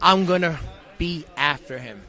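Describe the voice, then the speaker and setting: A man, a wrestler, ranting loud and heated in a post-match interview. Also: fairly high pitch, animated, measured pace.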